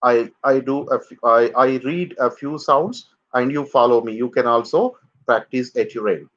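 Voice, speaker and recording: A man teaching English pronunciation in a live online lesson, drilling words slowly for students to repeat. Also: on the high side, lively intonation, fairly bright tone, highs cut off.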